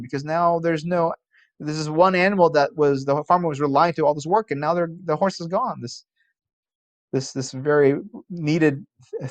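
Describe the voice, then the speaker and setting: A man lecturing as a college philosophy professor, conversational and posing rhetorical questions, animated when telling a story. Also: fairly high pitch.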